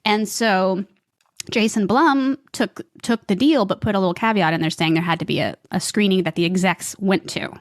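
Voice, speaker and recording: A woman's voice: medium pitch, dry recording, studio quality. Chatty, laughing woman telling a story. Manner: chatty, laughing, quick shifts into quoted voices. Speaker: actress guest. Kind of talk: animated storytelling in an interview.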